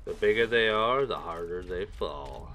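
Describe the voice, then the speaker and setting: A man's voice: deep voice, animated, a little slow, sharp tone, a little hiss or hum. A man casually commenting on his own gameplay in a rambling, chatty way, with his microphone set a little way off. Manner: chatty, rambling, talks to himself. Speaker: gaming video creator. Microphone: desk microphone set a little far away. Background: game music.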